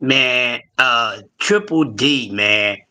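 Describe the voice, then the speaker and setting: A man co-hosting casual sports talk, halting and filling pauses with "uh"s as he searches for names. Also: medium pitch, bright, forceful tone.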